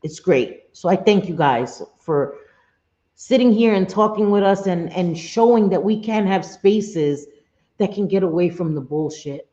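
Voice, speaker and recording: A woman's voice: lowish voice, expressive, measured pace, warm tone, highs cut off. A woman hosting a casual live stream, thanking viewers, swearing casually, laughing often and dropping in Spanish phrases.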